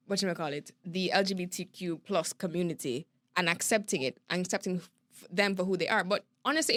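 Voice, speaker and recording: Young Jamaican woman host, emphatic, exclamatory, dry close sound. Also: no echo. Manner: animated, emphatic, exclaims with big pitch jumps. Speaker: podcast host. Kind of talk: casual chat.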